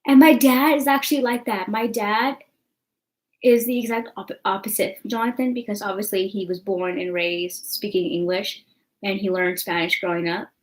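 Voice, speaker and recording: A woman's voice: mid-range voice, fairly even intonation, normal speed, poor audio. A young woman telling a story to her camera in a rambling, chatty way, full of fillers. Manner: chatty, rambling, full of fillers like "you know what I'm saying". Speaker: vlogger.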